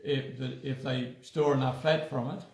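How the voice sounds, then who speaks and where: A man's voice: mid-range voice, fairly even intonation, normal speed, a little mellow. A man in a casual health chat, easygoing and repeating words as he starts. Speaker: wellness centre co-host. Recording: echoey room.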